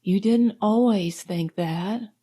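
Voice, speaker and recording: A woman's voice: mid-range voice, takes it slowly, warm tone, breathy edge. A woman reading an audiobook, voicing a proud young female singer who bursts out in fury. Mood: hurt. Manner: fierce outbursts.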